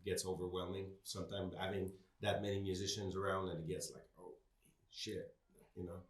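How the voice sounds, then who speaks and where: A man speaking English with a French accent co-hosts a casual talk show, musing and searching for words. His voice sits a little low and rings in a roomy, echoey space. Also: level tone, moderate pace. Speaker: co-host. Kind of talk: casual interview chat. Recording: echoey room.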